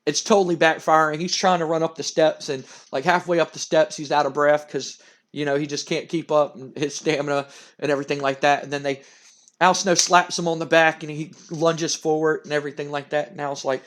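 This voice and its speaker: A man's voice: on the high side, level tone, fairly quick, fairly bright tone. A man narrating a wrestling game playthrough in a casual, rambling way. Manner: rambling, many "like" and "and everything" fillers. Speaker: let's-play narrator.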